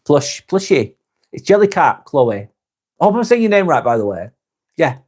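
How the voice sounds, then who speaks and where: A British man hosting a live stream, chatting with viewers in a calm, relaxed, easygoing way. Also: a little high, moderate pace, slightly rough. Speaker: live-stream host reading viewer comments. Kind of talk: casual live-stream chat.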